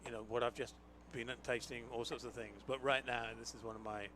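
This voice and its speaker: Bright-voiced winemaker explaining wines. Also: male voice, medium pitch, fairly even intonation, brisk, slight background noise. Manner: chatty, explanatory, with many fillers. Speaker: winemaker guest. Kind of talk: explaining wine on live radio.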